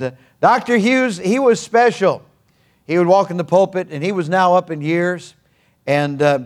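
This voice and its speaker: An older male pastor delivers a sermon in a folksy, earnest manner. He drops humorous asides between points. His voice sits slightly high for a man.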